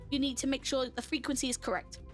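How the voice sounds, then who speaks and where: A woman's voice: high voice, level tone, fast, soft background music. A woman streamer chatting casually while playing a game, laughing often and answering her chat as she goes.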